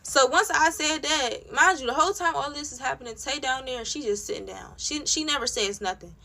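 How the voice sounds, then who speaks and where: A woman's voice: high-pitched, fairly quick, vocal fry, sharp tone. A young woman vlogger telling a story in a casual rant, blunt and profane, with lots of "like" fillers. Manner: blunt, profane, heated retelling with many "like" fillers.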